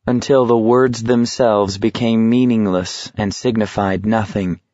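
A man narrating an audiobook in a measured, steady reading voice. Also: fairly low pitch, no echo. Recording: dull lo-fi recording.

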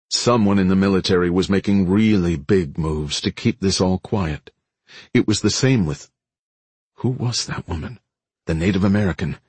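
Deep husky male audiobook narrator. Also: no echo. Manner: measured, suspenseful storytelling. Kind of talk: scripted narration. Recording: dry close studio sound.

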